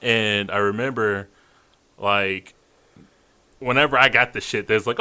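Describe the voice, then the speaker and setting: A man telling old work stories in casual chat, relaxed and profane, chuckling as he goes. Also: mid-range voice, moderate pace, pauses often. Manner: laid-back, profane, chuckling. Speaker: podcast co-host.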